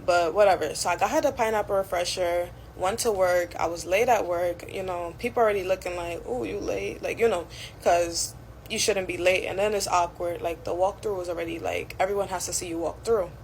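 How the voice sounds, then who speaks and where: A woman's voice: fairly low pitch, fairly even intonation, a little fast, a little hiss or hum, poor audio. A young woman telling a casual storytime, chatty and full of fillers like "like" and "you know".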